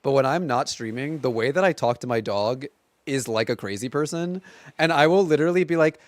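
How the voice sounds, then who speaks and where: A man's voice: medium pitch, animated, a little fast, no echo. A man in his thirties chatting casually on a live stream from home, rambling along with lots of filler words.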